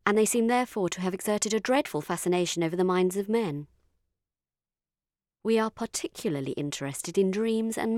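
A woman narrating a story in the first person, measured and dryly witty. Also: fairly low pitch, dry recording, clean studio sound.

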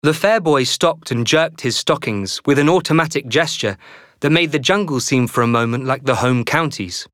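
An audiobook narrator reads a novel aloud, telling the story in a measured, expressive way. His mid-range voice is captured in a dry, studio-quality recording of scripted narration.

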